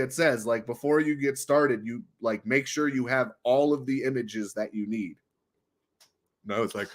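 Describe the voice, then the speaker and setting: Excitable man rambling on a livestream. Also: moderate pace. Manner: rambling, laughs often, swears, jumps to loud high bursts. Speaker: livestream host. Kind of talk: casual livestream chat.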